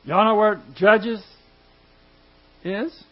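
Male preacher, high voice, folksy joking Bible teaching; muffled lo-fi recording with hum. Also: extremely slow. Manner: chatty, joking asides, reads scripture aloud. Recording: dull lo-fi recording with mains hum.

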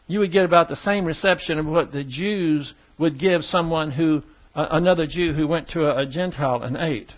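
A man's voice: on the high side, highs cut off. A man preaching a sermon. He reads verses aloud and explains them in plain, conversational asides.

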